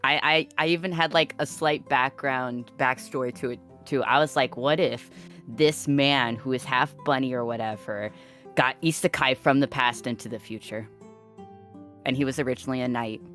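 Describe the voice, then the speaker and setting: Woman, talk show guest, casual chat, eager, chatty, very low voice, soft guitar music behind. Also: moderate pace. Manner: eager and chatty, laughs easily. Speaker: podcast guest.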